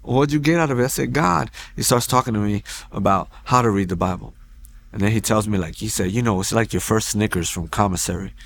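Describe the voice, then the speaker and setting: A man telling his personal faith testimony at a church, in a casual, animated storytelling way that acts out quoted lines, with frequent restarts. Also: fairly low pitch, fairly quick, creaky. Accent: Texan. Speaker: testimony speaker.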